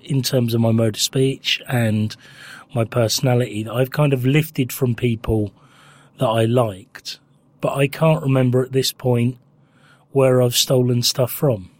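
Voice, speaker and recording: A man's voice: mid-range voice, fairly even intonation, a little slow, darkish tone, no echo. A man co-hosting a casual podcast, dry and laid-back in manner. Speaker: podcast co-host.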